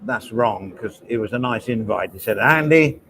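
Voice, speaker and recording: A man's voice: on the low side, fairly even intonation, normal speed, creaky, a little hiss or hum. A man hosting a casual vlog, rambling along with wry asides. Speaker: vlog host. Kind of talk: casual chat to camera. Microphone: swaps between mics.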